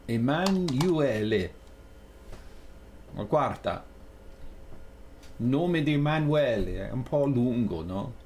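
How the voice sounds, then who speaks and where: A man's voice: mid-range voice, expressive, slow pace, pauses often, darkish tone, a little hiss or hum. A man chatting casually on a live stream while he programs, thinking aloud, joking at his own expense and switching between English and Italian. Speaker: live streamer coding on air.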